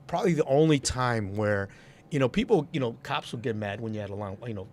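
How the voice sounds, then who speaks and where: A man's voice: mid-range voice, fairly quick. A man, a club promoter and DJ, telling stories in a casual interview and acting out quoted voices. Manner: animated, acts out quoted voices.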